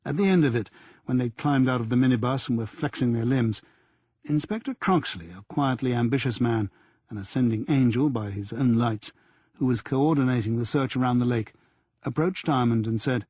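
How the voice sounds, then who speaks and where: A man narrates a crime audiobook in a measured, even way. His voice is husky, recorded dry with no room sound. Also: mid-range voice, dry recording. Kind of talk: scripted narration.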